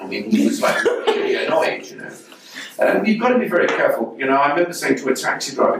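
A man's voice: a little high, wildly swooping pitch, normal speed. A middle-aged English man chatting as an interview guest, telling rambling wry anecdotes with lots of restarts. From England. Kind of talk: casual interview chat. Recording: echoey room, distant mic, faint noise.

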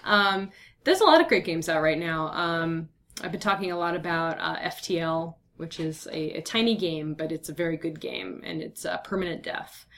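A woman's voice: low voice, animated, normal speed, a bit bright, a little hiss or hum. A young woman answering interview questions in a chatty, upbeat way with lots of fillers, her voice tired and a bit slurred from talking all day. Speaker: guest.

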